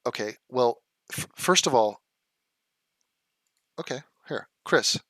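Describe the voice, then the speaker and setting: A man hosting a live stream from his living room, reading viewer comments and replying in a heated, sarcastic rant full of swearing and drawn-out insults. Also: mid-range voice, lively intonation, pushed and bright, no room sound, clean studio sound.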